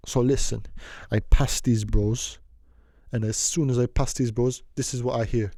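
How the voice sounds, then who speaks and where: Mellow young man rambling through a story. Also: medium pitch, fairly even intonation, moderate pace, dry recording, clean studio sound. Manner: slangy, meandering, repeats himself. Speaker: vlogger telling a story.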